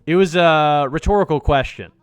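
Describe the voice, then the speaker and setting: A man's voice: on the high side, normal speed, clean tone, no echo, faint music behind, pitched below the performer's own voice, close to an everyday voice. A man voicing a prim, condescending female cat doctor from a video game, raising his voice slightly.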